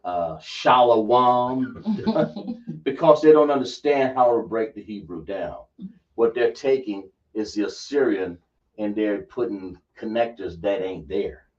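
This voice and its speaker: A man's voice: fairly low pitch, measured pace, mellow. A man teaching a religious class, emphatic and quizzing his listeners with rhetorical questions. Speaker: religious instructor. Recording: dull, distant lo-fi recording.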